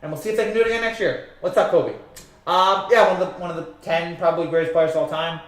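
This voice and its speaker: A man's voice: high voice, quick pace, very echoey. A man from New Jersey hosting a live sports stream, rambling through viewer comments with lots of fillers and restarts.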